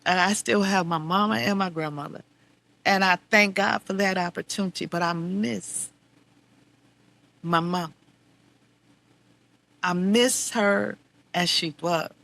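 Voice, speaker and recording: A middle-aged woman hosting a podcast, telling a candid personal story, heartfelt and wry, moving between quiet reflection and exasperated venting. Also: lowish voice, unhurried, gravelly, long pauses. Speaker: podcast host.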